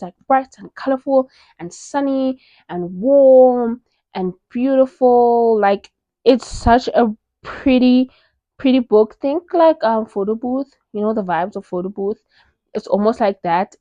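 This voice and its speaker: A young South African woman, a book reviewer, gushes animatedly about her favorite books in a casual recommendation vlog, peppering her speech with lots of "like"s. Her voice is a little high, and the recording is dry and lo-fi.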